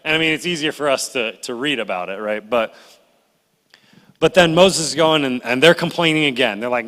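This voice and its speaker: A middle-aged man preaching a sermon, animated and conversational, acting out complaining voices as he tells the story. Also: medium pitch, brisk. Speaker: pastor. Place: church sanctuary. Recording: reverberant church hall.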